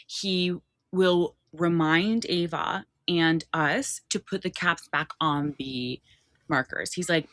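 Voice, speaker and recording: A woman in her thirties with a lowish voice, trading stories on a podcast in a chatty, animated, slangy way. The sound is dry and close, with no room around it. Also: slow, no echo. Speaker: podcast co-host. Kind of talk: casual chat.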